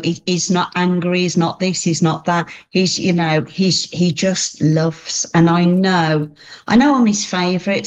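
Earnest low-voiced woman. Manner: earnest, repeats phrases, reads own poem aloud. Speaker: guest. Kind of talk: faith interview, personal testimony.

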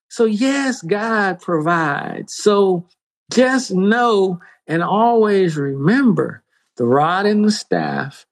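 A man giving a spoken faith testimony, emphatic, with big pitch swings and dramatic pauses. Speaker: guest sharing testimony.

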